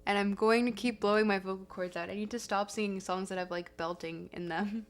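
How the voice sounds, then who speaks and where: A woman's voice: mid-range voice, steady tone, a little fast. A woman livestreaming, casually chatting with her viewers in a chatty, self-deprecating way. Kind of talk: casual stream chat.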